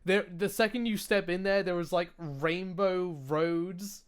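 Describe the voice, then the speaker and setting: A man's voice: high voice, steady tone, unhurried, clear, resonant tone. A young man co-hosting a podcast in casual chat, rambling, swearing and laughing at his own slips. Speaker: podcast co-host.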